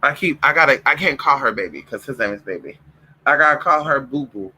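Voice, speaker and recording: Late at night, a man vlogs loosely and profanely, calling his viewers honey and y'all and breaking off to coo at and scold his puppies in a playful pet-talk voice. He speaks briskly with a mid-range, sharp voice and lively intonation. The recording is rough, with slight background noise.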